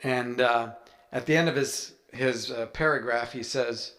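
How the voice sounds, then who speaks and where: A man's voice: medium pitch, measured pace, fairly bright tone. A man, an author, telling a chatty, anecdotal story with playful humor to a live audience. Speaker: author speaking at a writers' event.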